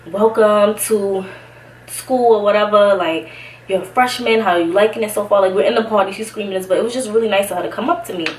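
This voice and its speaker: A young woman from Brooklyn tells a casual storytime vlog in a chatty, slangy way. She sounds a little out of breath. Her voice sits at a middling pitch and comes across an echoey room from a short distance. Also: rapid-fire. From Brooklyn, New York. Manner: chatty, slangy, laughs often. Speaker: vlogger. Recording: echoey room, somewhat far from mic, faint hiss.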